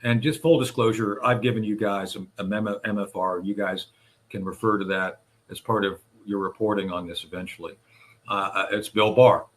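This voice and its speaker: A man with a low, husky voice tells his account in recorded testimony. He speaks deliberately and often hesitates and restarts mid-sentence, addressing his listeners directly. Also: fairly even intonation. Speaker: whistleblower advocate recounting events. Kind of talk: recorded testimony played on a radio show.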